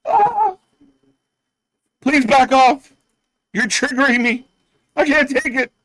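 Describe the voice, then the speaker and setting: Shrill, whimpering, easily scared grown man wrestler, put on by a man, swoops high in pitch. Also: expressive, takes it slowly, fairly bright tone, dry recording, heavily acted. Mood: mock-frightened. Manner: shrill, mock-frightened whimpering.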